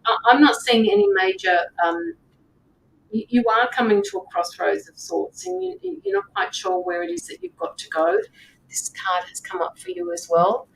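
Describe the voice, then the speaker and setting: A woman's voice: fairly high pitch, big pitch swings, normal speed, gravelly, far from the mic, a little hiss or hum, rough recording. A woman reading tarot on a live stream, talking earnestly to viewers, repeating herself and checking in with "right?". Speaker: tarot reader and medium. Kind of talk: live-stream reading, casual coaching talk.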